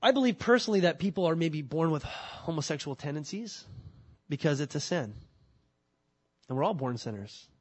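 A man delivers a sermon in a fairly high voice. He talks casually and with energy, acting out people's excuses in quick voices before coming back to his point. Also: slightly rough. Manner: animated, acts out quoted excuses in voices. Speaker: pastor.

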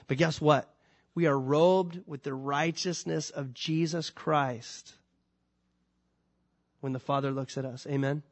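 Animated preaching man, a bit high. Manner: animated preaching with sudden loud rises and soft drops; conversational, asks the congregation questions. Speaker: pastor. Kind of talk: sermon.

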